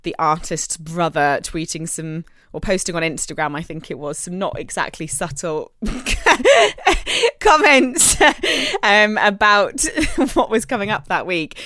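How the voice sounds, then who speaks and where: A woman's voice: lowish voice, big pitch swings, slow pace, bright, forceful tone, no echo, clean studio sound. A woman co-hosting a podcast, chatting casually and laughing often as she explains. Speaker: podcast co-host.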